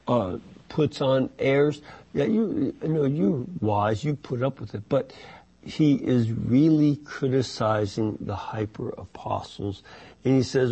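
A man teaching a Bible study, reading passages and explaining them in an unhurried way with many fillers and restarts. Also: mid-range voice, warm tone, husky.

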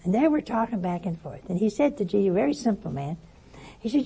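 A woman giving a spiritual talk, telling a story in a lively way and acting out the voices she quotes. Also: medium pitch, fast talker, creaky, slightly rough, poor audio. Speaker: religious teacher.

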